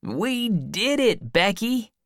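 A woman voicing an eager young boy in love in a storybook reading, a little above her own pitch. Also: very animated, slow, dry recording, studio quality. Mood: happy.

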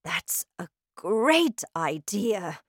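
A woman voicing a kind, protective elderly grandmother, speaking slowly and gently. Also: mid-range voice, big pitch swings, slightly rough, no room sound, clean studio sound, exaggerated voice. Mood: gentle.

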